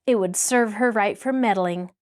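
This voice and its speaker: A woman's voice: medium pitch, moderate pace, natural voice. A woman reading the part of a cruel young female kidnapper in an audiobook, speaking in a cold, clipped way.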